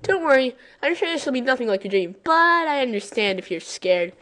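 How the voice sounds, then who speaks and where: A woman's voice: high-pitched, sing-song, a little fast, fairly bright tone, a little hiss or hum, voice pushed up. A woman voicing an eager, bookish female pony scientist who talks in a coaxing, overly cheerful way in a cartoon fan story.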